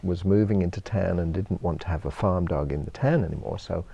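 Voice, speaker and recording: Low gravelly man with a British-Australian accent. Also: dull audio. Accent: British with Australian traces. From England. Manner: relaxed, unhurried storytelling with frequent ums. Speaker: guest, bookshop co-owner. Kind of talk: casual interview chat.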